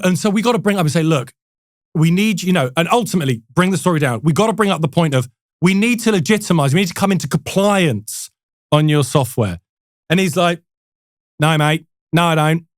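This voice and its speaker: A man, a sales manager and podcast guest, telling a story in a casual, animated way, acting out quotes between laughs. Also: high-pitched, fast, no echo, clean studio sound.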